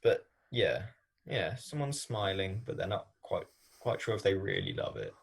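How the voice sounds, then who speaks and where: A man's voice: low voice, huge pitch swings, moderate pace, gravelly. A man co-hosting a podcast in casual chat, hesitant and trailing off. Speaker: podcast co-host.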